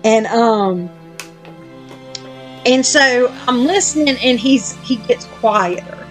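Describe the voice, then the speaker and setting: A woman's voice: fairly high pitch, lively intonation, takes it slowly, soft background music. A woman podcast host telling a long story in casual chat, blunt and self-deprecating, with casual swearing.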